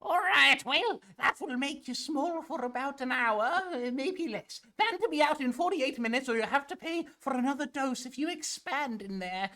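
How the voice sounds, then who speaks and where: A woman voicing a chatty elderly female mud-seller in a tabletop game, with a high, sugary, coaxing voice. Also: expressive, moderate pace, hardly any pauses, bright, forceful tone.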